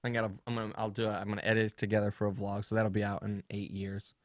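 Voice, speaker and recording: A man's voice: lowish voice, monotone, very fast, dry recording, studio quality. A young man co-hosting a podcast, rambling through funny stories in casual chat and laughing often. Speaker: podcast co-host.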